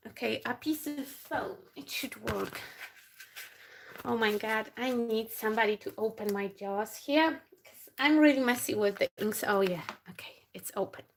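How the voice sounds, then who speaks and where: A woman's voice: fairly high pitch, slight background noise. A woman with a non-native English accent hosting a casual craft live stream, chatty and laughing as she works, with slushy sh sounds. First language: not English. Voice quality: slushy sh sounds, slow and halting. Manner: chatty, laughs often, talks while working.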